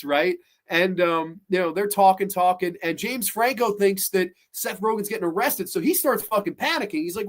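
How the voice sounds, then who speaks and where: A man hosting a podcast, retelling comedy scenes in an animated, profane, casual way. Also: sits high, normal speed. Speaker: podcast host. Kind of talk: casual movie chat.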